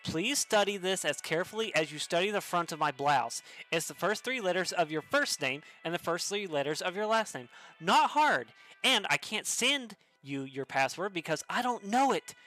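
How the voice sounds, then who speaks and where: A man voicing a sharp-tongued young office woman, reading her email with sarcastic exasperation. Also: sits high, expressive, normal speed, faint music behind. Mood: scornful.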